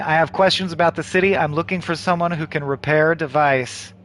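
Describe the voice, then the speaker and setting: A man's voice: a little high, fairly even intonation, fairly quick, fairly bright tone. A man playing a video game aloud, reading its text in casual, profane asides. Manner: casual, profane asides between read-outs. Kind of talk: game playthrough with narration.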